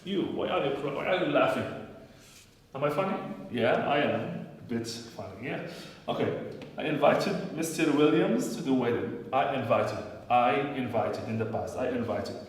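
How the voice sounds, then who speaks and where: A man's voice: mid-range voice, animated, normal speed. A man teaching an English grammar lesson, repeating phrases again and again as he drills his students. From Morocco. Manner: repetitive, drills phrases over and over. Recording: echoey room, voice from a distance.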